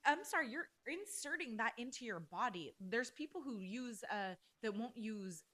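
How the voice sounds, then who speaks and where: A woman's voice: on the high side, lively intonation, normal speed, pushed and bright. A woman hosting a casual solo podcast, ranting bluntly and heatedly with plenty of swearing. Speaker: podcast host.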